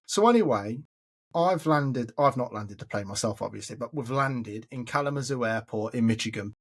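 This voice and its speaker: A man's voice: medium pitch, animated, moderate pace, husky. An Englishman hosting a podcast, chattily telling stories and calling his listener mate. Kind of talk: casual storytelling chat.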